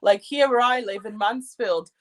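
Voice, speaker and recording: Bright-voiced Latvian-born woman chatting. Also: on the high side, moderate pace. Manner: animated, playful, laughs at herself. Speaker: co-host. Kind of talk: casual chat while doing makeup.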